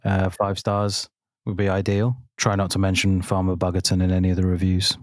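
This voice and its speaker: A man co-hosting a comedy podcast who sounds exasperated and deadpan. His voice is a bit low, and it sounds close and dry with no room around it. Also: a little fast, dry recording. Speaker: podcast co-host. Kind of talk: casual comedy podcast chat.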